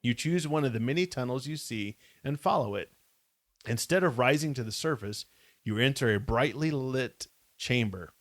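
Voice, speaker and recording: A man's voice: medium pitch, expressive, normal speed, no echo. A man co-hosting a podcast who reads a kids' adventure book aloud steadily and adds wry comments. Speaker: podcast co-host. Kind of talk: casual live book reading.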